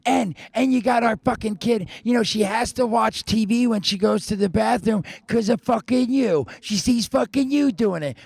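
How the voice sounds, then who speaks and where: A man's voice: high voice, creaky, dry recording. A man in his forties telling a rambling, profane story in casual chat, laughing often and acting out quotes. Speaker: podcast co-host.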